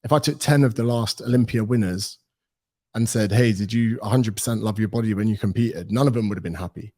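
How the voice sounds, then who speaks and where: This British man in his thirties speaks on the low side and fairly quickly. He's a personal trainer appearing as a guest on a casual podcast interview, where he tells stories with animation and acts out the dialogue he quotes.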